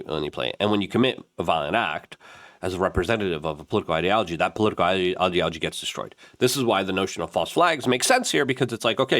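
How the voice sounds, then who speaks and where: A man with a low voice hosts a commentary show, talking in a rambling, animated way with plenty of fillers. His pitch swings widely as he reads a casual ad, and the sound is dry and close. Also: no echo. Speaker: host.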